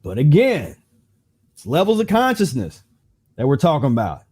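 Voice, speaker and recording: A man's voice: medium pitch, wildly swooping pitch, moderate pace, a little mellow, slightly rough. A man hosting a livestream health talk, speaking casually and conversationally, then turning preachy with a string of rhetorical questions. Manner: casual and conversational with frequent restarts. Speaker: host.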